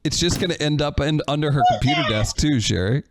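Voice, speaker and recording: Man making low-key interjections. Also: expressive, fast, a little hiss or hum. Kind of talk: casual chat.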